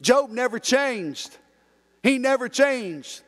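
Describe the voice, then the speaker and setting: In a church sanctuary with long reverb, a pastor preaches a sermon in a high, ringing, fairly bright male voice. He speaks slowly with lively intonation, repeating key phrases and engaging the congregation through call-and-response.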